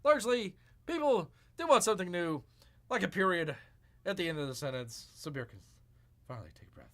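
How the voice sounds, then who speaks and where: A man's voice: high voice, lively intonation, brisk, a bit bright. A man hosting a live stream, reacting with sarcastic, mock-exasperated commentary. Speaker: streamer host.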